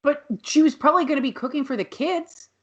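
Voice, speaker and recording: A woman's voice: high-pitched, quick pace, lo-fi sound. A woman co-hosting a podcast, recapping a TV episode in casual chat, swearing and acting out the characters' lines. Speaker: podcast co-host.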